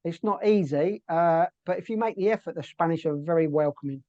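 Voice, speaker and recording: A man's voice: fairly high pitch, brisk, darkish tone, no echo, dull audio. A middle-aged British man telling stories in a casual interview, full of fillers and restarts. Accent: British English. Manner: chatty storyteller, many fillers and restarts. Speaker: interview guest.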